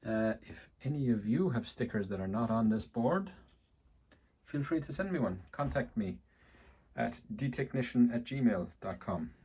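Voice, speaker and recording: A man's voice: mid-range voice, animated, unhurried, a little mellow, husky. An Irish man, a metal detecting vlogger, chatting casually and a bit self-deprecatingly as he shows his finds in a small shed. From Ireland. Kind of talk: casual chat showing finds.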